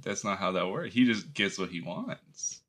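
A man's voice: sits low, big pitch swings, moderate pace, fairly bright tone. A man co-hosting a podcast in casual chat, joking and swearing freely. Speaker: podcast co-host.

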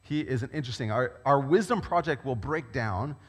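A man delivers a sermon at a middle pitch, conversational and animated as he tells stories. His voice carries a long reverb, as if recorded in a large church hall. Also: brisk, slightly rough. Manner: conversational, animated storytelling preacher. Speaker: pastor.

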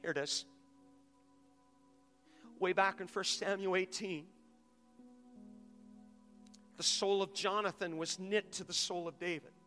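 A male pastor preaches with rising fervor in a high, bright, steady voice, speaking slowly with frequent pauses and calling on his congregation to answer aloud. His words echo at length through a large auditorium, with faint music behind.

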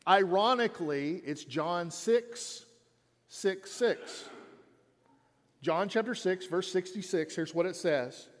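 A man's voice: sits high, expressive, slow, big-room sound. A man preaching a sermon in an auditorium, in a conversational way that repeats lines for emphasis. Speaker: pastor.

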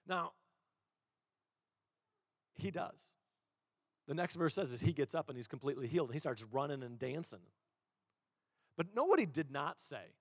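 A man's voice: on the high side, big pitch swings, normal speed, long pauses, slightly rough, clean studio sound. A male pastor preaching a sermon in a church auditorium. He talks in a conversational, self-deprecating way and often repeats words as he restarts. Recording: long hall reverb.

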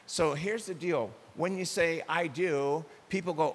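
A man's voice: a little high, unhurried, hardly any pauses. An older man preaching a sermon as pastor, animatedly acting out little dialogues in shifting voices. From United States. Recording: long hall reverb with faint hiss.

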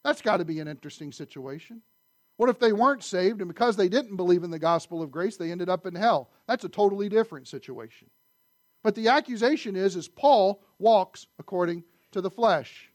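A man preaching a sermon, animated, swinging from loud emphasis to quiet asides. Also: high-pitched, fairly quick, no room sound. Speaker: pastor.

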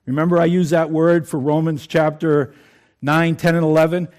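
Brief: male preacher, slightly high voice, talks with the congregation and quizzes them. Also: little pitch movement, moderate pace, a little mellow. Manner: conversational, asks the congregation questions. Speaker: pastor. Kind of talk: sermon.

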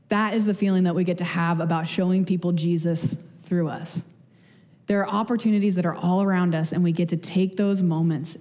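Woman, young adult, casual sermon, lowish mellow voice, long hall reverb. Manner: chatty and self-deprecating, with storytelling asides. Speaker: speaker giving a church message.

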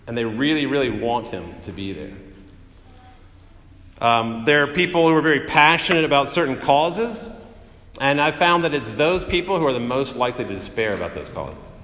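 A man's voice: mid-range voice, normal speed. A man preaching a conversational sermon, acting out quotes as he tells stories. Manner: conversational, animated storytelling with acted-out quotes. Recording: echoey hall with long reverb.

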